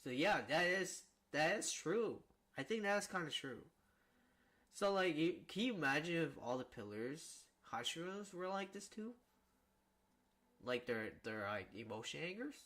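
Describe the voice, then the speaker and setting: A man's voice: on the high side, animated, measured pace, fairly bright tone. A man streaming a casual manga reading, chatty and reacting aloud with frequent fillers.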